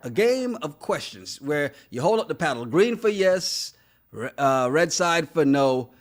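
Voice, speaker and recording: Animated high-voiced man co-hosting. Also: a little slow. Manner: animated, laughs often, scolds in jest. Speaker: podcast co-host. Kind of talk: casual chat recapping a reality show.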